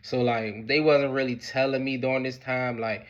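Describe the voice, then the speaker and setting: A man's voice: steady tone, normal speed, dull audio. A man telling a personal story in casual, slangy speech, with lots of fillers. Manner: slangy, laid-back, peppered with "boom" and "whatever the case may be".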